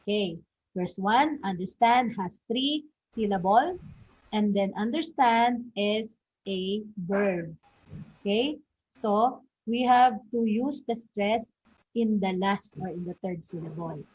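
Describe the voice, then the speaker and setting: Husky woman teaching English. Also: medium pitch, slow pace, a little mellow. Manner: peppers sentences with "okay", quizzes listeners with questions. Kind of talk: recorded classroom lesson. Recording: dull lo-fi recording.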